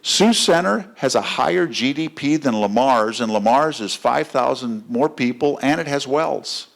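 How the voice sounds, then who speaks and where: A man's voice: mid-range voice, expressive, unhurried, vocal fry. A man running for office, speaking at a fundraiser in a conversational way, telling stories with frequent fillers. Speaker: political candidate. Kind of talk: campaign speech at a fundraiser. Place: fundraiser gathering.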